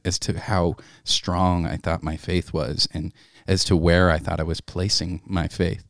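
A man co-hosting a faith conversation, speaking in a measured, reflective way and reading scripture aloud. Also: low-pitched, flat delivery, no room sound, studio quality.

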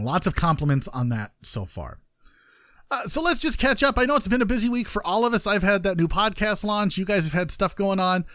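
A man's voice: a little high, a bit bright, no room sound, clean studio sound. A man hosting a casual gaming podcast, joking and rambling with lots of fillers. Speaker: podcast host.

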